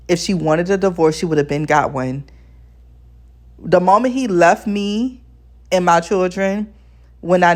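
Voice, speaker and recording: Woman, lowish voice, blunt, ranting, casual vlog review. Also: darkish tone. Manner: addresses viewers as besties. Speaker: TV show reviewer.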